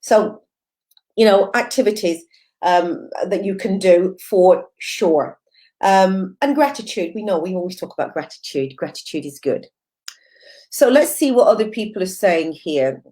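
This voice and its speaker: A woman's voice: mid-range voice, lively intonation, moderate pace, warm tone. A woman mindfulness coach giving an encouraging, conversational live-stream talk, repeating phrases and using many fillers as she reads viewer comments.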